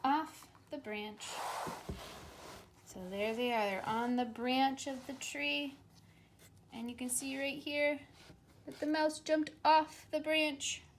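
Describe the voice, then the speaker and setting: Slow, high-voiced woman reading to children. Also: fairly even intonation, a little hiss or hum. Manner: gentle, coaxing, invites children to repeat animal sounds. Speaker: teacher reading a picture book.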